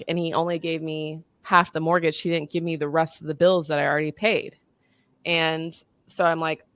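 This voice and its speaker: With a low voice and no echo in the recording, a woman in her thirties animatedly shares a personal anecdote in a casual conversation, performing the voices of the people she quotes.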